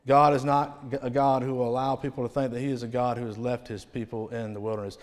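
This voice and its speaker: A man preaching a revival sermon in a church, rising to loud proclamations and falling to near-quiet phrase endings. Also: mid-range voice, flat delivery, quick pace. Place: church sanctuary. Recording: long hall reverb.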